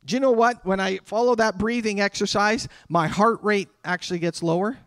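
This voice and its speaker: Man, pastor, sermon, high voice, conversational with dramatic pauses, dry sound. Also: fairly even intonation, a bit bright, no echo. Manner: conversational preaching with dramatic pauses and acted quotes.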